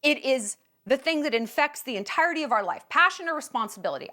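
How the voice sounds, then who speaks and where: A woman's voice: sits high, expressive, fast, few pauses, sharp tone. A woman hosting a vlog, giving sarcastic, mocking commentary with plenty of emphasis. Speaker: vlog host.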